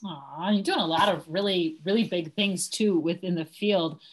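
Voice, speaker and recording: A woman's voice: lowish voice, normal speed. A woman hosting an interview show, asking chatty personal questions and laughing easily. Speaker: host.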